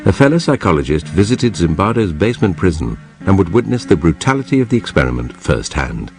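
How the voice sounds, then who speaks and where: Deep-voiced documentary narrator. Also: male voice, sing-song, a little fast, a little mellow, soft background music.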